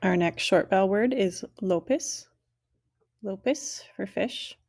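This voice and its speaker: A woman teaching a language lesson, saying each word slowly and clearly and then repeating it. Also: medium pitch, darkish tone.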